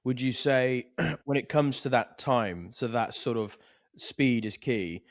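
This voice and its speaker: A man's voice: medium pitch, no echo, studio quality. A man co-hosting a podcast, asking questions and trading swear-laden banter with his friends. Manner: lively, sweary, quick to laugh. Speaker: podcast co-host. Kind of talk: casual banter.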